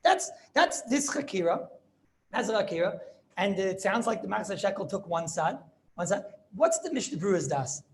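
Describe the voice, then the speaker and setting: A rabbi teaching a Talmudic halacha class, arguing through points with rhetorical questions and yeshiva-style English full of Hebrew terms. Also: male voice, high voice, lively intonation, moderate pace, a little hiss or hum.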